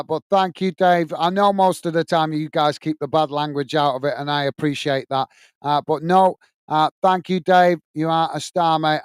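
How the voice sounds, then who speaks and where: English bloke doing a football watchalong, higher voice, smooth and dry, keeps thanking chat. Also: male voice, no echo. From England. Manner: chatty, thanks viewers by name, calls them mate. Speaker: football watch-along host. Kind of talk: live match commentary and chat reading.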